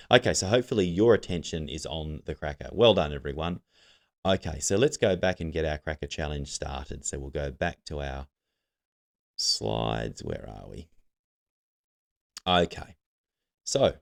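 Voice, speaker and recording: A man teaching a recorded literacy lesson, giving patient step-by-step instructions to students. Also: very deep voice.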